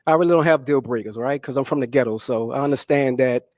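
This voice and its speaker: A man's voice: mid-range voice, quick pace, a little mellow, no echo, clean studio sound. Laid-back New man, tag questions. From New Orleans. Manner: laid-back, adds "right?" and "okay?" often. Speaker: dating show contestant. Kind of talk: casual dating show answers.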